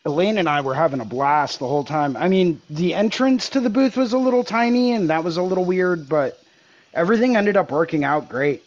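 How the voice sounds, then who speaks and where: A man tattoo artist joining a podcast over a video call, bantering and teasing in a relaxed way. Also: on the high side, fairly quick, muffled recording. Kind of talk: casual podcast chat.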